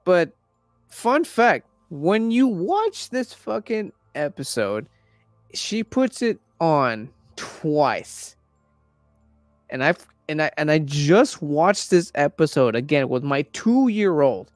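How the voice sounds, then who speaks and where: A young man in casual chat, rambling and swearing a lot while retelling a story with animated energy. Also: on the high side, slow, no room sound, soft background music. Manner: acts out quoted characters in raised voices. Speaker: podcast host.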